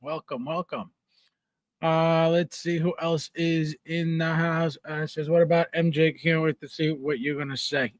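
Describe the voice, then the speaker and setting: A man's voice: on the high side, little pitch movement, measured pace, no echo, clean studio sound. A man hosting a casual livestream, reading viewer comments aloud, laughing often and repeating words for comic effect. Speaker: livestream host.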